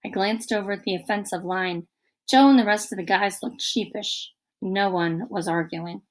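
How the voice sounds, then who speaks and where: A woman narrating a children's book aloud in an expressive, lively storytelling manner. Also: medium pitch, moderate pace. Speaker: audiobook narrator.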